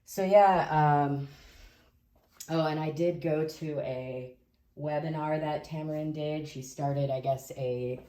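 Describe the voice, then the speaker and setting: Very low-voiced woman rambling in a vlog. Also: fairly even intonation, takes it slowly. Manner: rambling, self-correcting, soft-spoken. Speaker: music vlogger and musician. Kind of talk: casual video review. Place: dim room at home.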